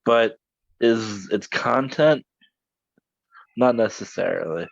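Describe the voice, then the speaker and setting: Hesitant low-voiced male co-host, dull dry sound. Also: vocal fry, dry recording. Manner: hesitant, dry, halting with ums. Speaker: podcast co-host. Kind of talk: casual chat. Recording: slightly dull, dry recording.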